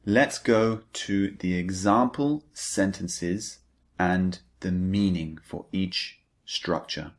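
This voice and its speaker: Slow, low-voiced male English teacher. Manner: repeats key points, stresses words. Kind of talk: slow, deliberate grammar lecture.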